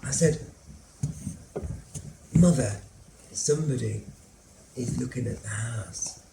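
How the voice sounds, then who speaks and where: A lonely, hesitant middle-aged son. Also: male voice, medium pitch, slow, creaky. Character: lonely anxious middle-aged son living with his mother. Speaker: stage actor in a monologue. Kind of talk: theatrical monologue narration. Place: theatre stage. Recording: roomy theatre sound, faint hum.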